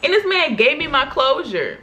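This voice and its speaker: A young woman vlogger telling a story to camera in a chatty, animated way, laughing often and using slang. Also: high-pitched, normal speed.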